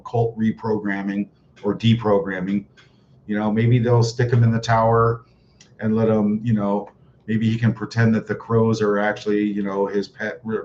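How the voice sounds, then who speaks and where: A man's voice: on the low side, darkish tone. A man chatting on a livestream, his talk sarcastic and full of mocking chuckles. The audio is dull and lo-fi, with a faint hiss behind him. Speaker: livestream host reading chat. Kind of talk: casual livestream chat.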